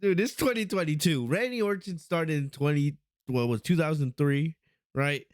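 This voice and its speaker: A man's voice: on the high side, normal speed, dry recording, studio quality. A man hosting a podcast, casually reviewing a show, laughing often and repeating lines he likes. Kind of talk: casual review with replayed clips.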